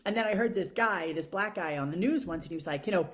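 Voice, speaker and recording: A woman's voice: lowish voice, fast, fairly bright tone. A woman talking casually to camera in a frank, profane, rambling way, full of fillers. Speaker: vlogger.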